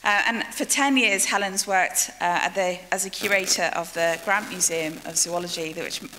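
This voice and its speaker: Female event host, bright, formal introduction in a reverberant hall with faint hiss. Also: fairly low pitch. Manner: brisk, with frequent "uh" fillers.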